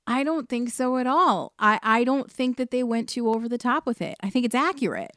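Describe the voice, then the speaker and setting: Woman co-host from New York, calm and measured in debate, dry close sound. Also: on the high side, no room sound. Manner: measured, pushes back calmly. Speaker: podcast co-host. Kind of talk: casual review chat.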